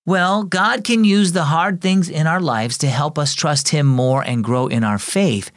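A caring aunt from a storybook, speaking gently and reassuringly to her niece. A man reads her on a dry, close mic. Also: fairly high pitch, measured pace, dry recording, pitched above the performer's own voice, lightly acted. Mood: gentle.

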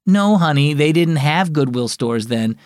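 Man reading a weary, gentle mother. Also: fairly high pitch, animated, measured pace, no room sound, studio quality.

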